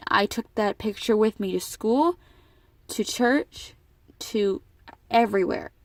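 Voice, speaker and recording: A woman's voice: mid-range voice, dry recording. A teenage girl telling a personal story to her camera in a casual vlog, emotional and rambling with frequent restarts. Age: teens. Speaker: vlogger.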